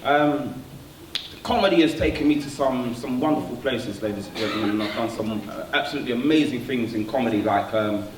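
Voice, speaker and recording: A man telling a stand-up story, animated and slangy, laughing at his own jokes. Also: mid-range voice, a little fast. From London. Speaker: stand-up comedian. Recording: echoey room, distant mic, faint noise.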